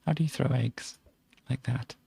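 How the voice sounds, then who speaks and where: A man's voice: medium pitch, steady tone, moderate pace, vocal fry, mellow, slight background noise. A man streaming a game, giving a playful, chatty tour of a build and tossing in silly sound effects. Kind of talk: casual gameplay commentary.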